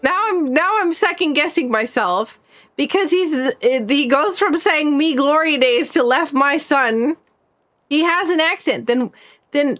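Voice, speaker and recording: A woman streamer commenting live on a video game as she plays, excitable and full of gasps and exclamations. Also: high voice, measured pace.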